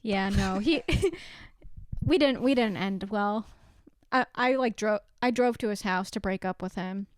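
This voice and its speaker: A woman's voice: mid-range voice, measured pace, no echo. A woman guest on a casual podcast, telling personal stories with frequent giggles and filler words.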